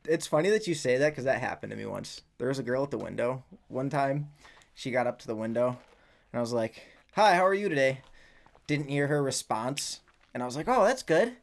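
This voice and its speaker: A man's voice: medium pitch, brisk, vocal fry. A man co-hosting a podcast in casual chat, candid and self-deprecating about his anxieties. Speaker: podcast co-host.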